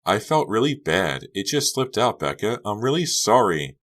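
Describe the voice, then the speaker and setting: A deep man doing a clingy creepy teenage girl. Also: sing-song, normal speed, a bit bright. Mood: pleading. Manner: pleading, sugary, insistent. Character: clingy, unsettling teenage girl, falsely cheerful.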